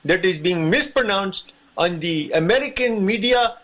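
A man voicing a pompous, flowery figure who lectures on the correct way to say a word, speaking grandly and slowly. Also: high voice, lively intonation, a bit bright. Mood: grandiose. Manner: grandiose, flowery, slow-spoken. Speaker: video maker.

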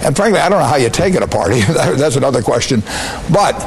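An older man giving a measured interview answer, slow and halting, with frequent restarts, in a played archive clip. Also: mid-range voice, big pitch swings, poor audio.

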